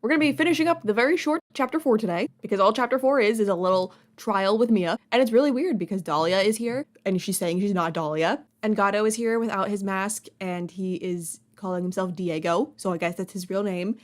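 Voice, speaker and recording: A woman's voice: mid-range voice, a little fast, few pauses. A woman hosting a let's play, chatting and giggling as she reads a game aloud.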